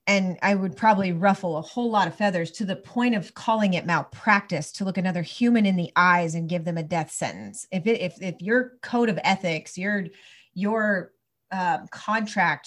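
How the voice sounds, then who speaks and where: A woman chiropractor in her thirties or forties, talking with heated conviction and frequent restarts in a conversation. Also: medium pitch. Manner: heated, restarts often, ranting. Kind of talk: impassioned conversational talk.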